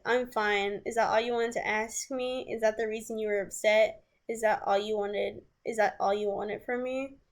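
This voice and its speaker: A woman's voice: medium pitch, gravelly. Woman vlogger, storytime read-through of old texts, rambling, blunt and sweary. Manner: rambling, reads messages aloud with restarts and asides; blunt and casual, swears freely. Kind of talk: casual storytime, reading out old messages.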